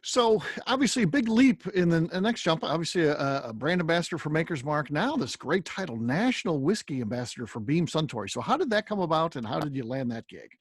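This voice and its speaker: A man co-hosting a podcast, asking the guest questions in a quick, lively, casual way. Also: a little high, breathy edge, dry recording, studio quality. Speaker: podcast co-host.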